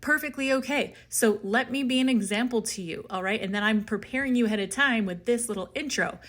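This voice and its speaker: A woman's voice: fairly high pitch, brisk, a bit bright, no room sound. Breathless woman hosting a walking podcast. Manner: upbeat, encouraging. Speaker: podcast host. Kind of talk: casual stream-of-consciousness talk. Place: outdoors on a walk up a hill. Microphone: phone.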